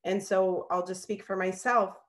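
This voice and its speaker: A woman's voice: medium pitch, steady tone, normal speed. A woman in a class sharing a personal reflection in an earnest, thoughtful way. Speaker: class participant. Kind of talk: casual sharing.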